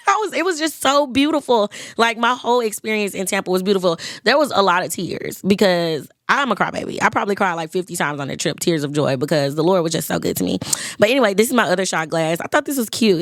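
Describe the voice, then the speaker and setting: A woman in her twenties hosting a podcast, chatting casually and lively, talking straight to listeners. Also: medium pitch, dry recording, studio quality. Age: 20s. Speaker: podcast host. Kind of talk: casual chat.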